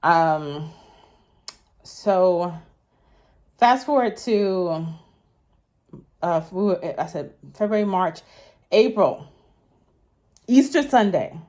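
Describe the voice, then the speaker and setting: A woman's voice: on the low side, lively intonation, very slow, pauses often, darkish tone. Chatty woman, slightly out of breath. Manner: chatty, rambling with many fillers and self-corrections. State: short of breath. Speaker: vlogger. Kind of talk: casual storytelling to camera.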